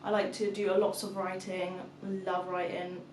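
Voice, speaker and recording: A woman's voice: fairly low pitch, level tone, a little slow, darkish tone, slight background noise. A young woman and mother chatting casually to camera, telling a story and acting out her toddler's calls. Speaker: vlogger, mother of two. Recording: echoey room, mic at a distance.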